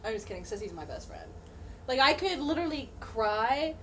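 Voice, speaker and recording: A woman's voice: on the high side, very animated, moderate pace, a little hiss or hum. A young woman co-hosting a podcast, chatting casually, giggling, teasing and swearing freely. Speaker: podcast co-host. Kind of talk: casual chat.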